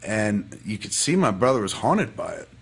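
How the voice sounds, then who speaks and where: A man's voice: fairly low pitch, sing-song, normal speed, slightly rough. A man casually telling a personal story as a podcast guest, profane and rambling but heartfelt.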